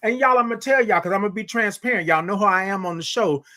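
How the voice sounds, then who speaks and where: A man with a high, light voice gives a motivational monologue on his morning show. He preaches to his listeners, calls them y'all and repeats key lines for weight. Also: fast talker, pushed and bright.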